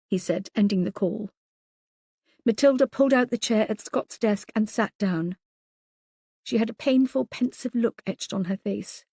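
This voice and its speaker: A woman narrating an audiobook in an even storytelling manner, her voice at a middle pitch. The recording is close and dry, with no room sound. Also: normal speed, vocal fry, husky, no room sound.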